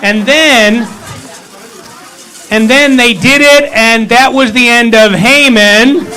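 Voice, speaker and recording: A man's voice: very high-pitched, slow pace, background noise. A man leading a congregation, retelling a scripture story in a playful, joking way full of wry asides. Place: synagogue hall.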